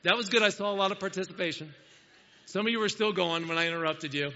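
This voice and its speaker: Bright-voiced man preaching in a hall. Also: high-pitched, fast talker. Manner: conversational, self-deprecating, asks the congregation questions. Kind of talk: sermon. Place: church sanctuary. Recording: muffled sound in a large hall.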